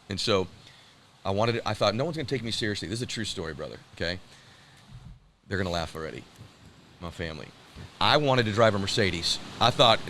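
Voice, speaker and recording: A man with a bright, forceful voice tells a story about himself with rising excitement. He laughs through his lines and keeps addressing the listener as brother and dude. A faint background noise sits under the clip. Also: fairly low pitch. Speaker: guest telling a personal story. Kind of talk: animated storytelling.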